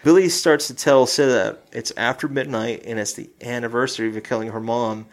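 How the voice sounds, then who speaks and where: A man's voice: medium pitch, steady tone, a little fast. A man chatting casually about a film's final scene, acting out the characters' lines, swearing and laughing as he goes. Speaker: podcast co-host recapping a film. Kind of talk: casual chat.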